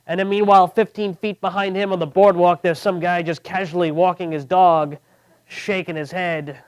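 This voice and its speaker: A man's voice: high-pitched, steady tone, brisk, a little mellow, clear, resonant tone. A man performing a stand-up comedy set, self-deprecating and acting out the voices of people in his jokes. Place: comedy show studio with audience.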